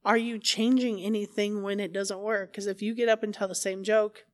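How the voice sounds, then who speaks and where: A woman's voice: mid-range voice, little pitch movement, moderate pace. A woman in casual chat, making her points assertively and step by step.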